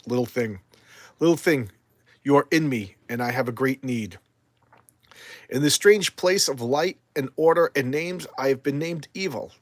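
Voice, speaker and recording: A man voicing an ancient, menacing being of darkness in a measured reading. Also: medium pitch, dry recording, close to an everyday voice.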